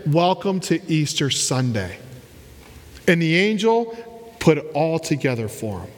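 Pastor, male, high and unhurried, preaching with repetition and rhetorical questions in a reverberant church. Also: sing-song. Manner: repeats key words, asks rhetorical questions. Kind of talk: sermon.

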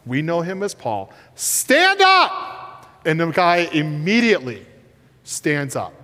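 Animated man preaching in a hall. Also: a little high, unhurried. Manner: animated preaching, shouting and whispering for effect. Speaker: pastor. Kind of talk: sermon. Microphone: headset mic. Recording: reverberant hall.

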